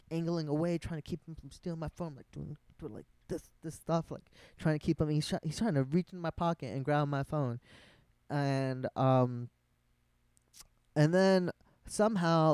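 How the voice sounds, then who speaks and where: A man casually telling a long personal story, rambling with lots of fillers and plenty of swearing, growing animated at the peaks. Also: on the high side, clear, resonant tone, no room sound. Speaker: vlogger.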